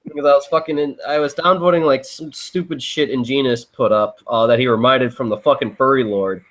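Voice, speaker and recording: A man's voice: medium pitch, brisk. A man on a podcast panel, telling stories casually with lots of swearing. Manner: lively, profane, laughing storyteller. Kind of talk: casual profane chat.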